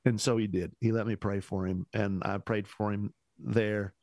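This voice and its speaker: Speaking at a moderate pace with a lowish voice and no echo, this man is a pastor casually spinning a story during a podcast chat. He animatedly performs the dialogue, keeps dropping "man," and often starts sentences over.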